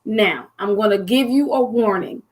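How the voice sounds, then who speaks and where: A woman in her forties hosting a casual chat, telling stories in a bubbly, excited way. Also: mid-range voice, normal speed. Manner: bubbly, animated storyteller. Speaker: host.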